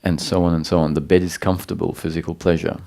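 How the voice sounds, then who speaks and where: A man with a deep, gravelly voice speaks as a spiritual teacher at a satsang. He explains ideas slowly and calmly, pausing and restarting as he searches for the right words. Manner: calm, explanatory, with frequent pauses and restarts. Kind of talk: satsang talk.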